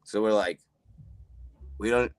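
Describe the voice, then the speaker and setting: A man's voice: fairly low pitch, steady tone, takes it slowly, clean tone, no echo. A man, a guest on a podcast, telling stories in a loose, profane way and saying "dude" a lot. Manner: laid-back, profane, says "dude" a lot. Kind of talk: casual storytelling.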